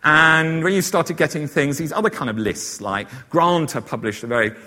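A man's voice: a little high, normal speed, bright, forceful tone. Chatty man lecturing in a hall. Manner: chatty, many fillers and asides. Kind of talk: informal literary lecture. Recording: long hall reverb.

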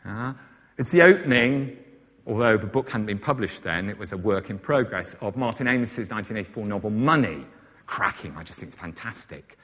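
A man's voice: on the low side, expressive, brisk, a bit bright. Chatty man lecturing in a hall. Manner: chatty, many fillers and asides. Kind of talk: informal literary lecture. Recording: long hall reverb.

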